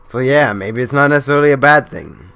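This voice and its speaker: Reacting to an anime episode, a man gives excitable, profane commentary that swings between loud outbursts and low mumbling. He talks fast with a creaky yet smooth voice, and soft music plays in the background.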